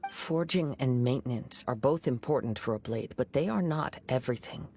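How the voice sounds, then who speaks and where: An actor voicing a calm wandering young male swordsman in a video game, speaking in a composed, measured, gentle manner. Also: medium pitch, a little hiss or hum, close to an everyday voice. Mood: earnest. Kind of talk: game voice acting. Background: game music.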